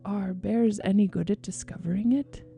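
A woman voicing a cheerful, slow-witted male teddy bear who talks earnestly and sings little songs. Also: medium pitch, steady tone, vocal fry, warm tone, faint music behind, lightly acted. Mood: eager. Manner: humming, singsong, simple and earnest.

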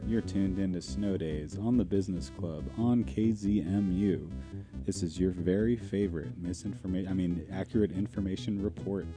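Deep dark-toned radio guy doing fake sad news, choked-up joking delivery. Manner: mock-mournful, halting with coughs. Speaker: radio segment presenter. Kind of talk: mock-somber comedic news report. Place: community radio studio.

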